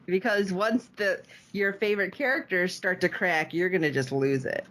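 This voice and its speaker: A woman with a low voice co-hosts a podcast and talks through a TV episode with animated, emotional energy. A faint noise sits under her voice. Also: normal speed. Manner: animated, emotional, laughing often. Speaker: podcast co-host. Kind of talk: casual episode recap chat.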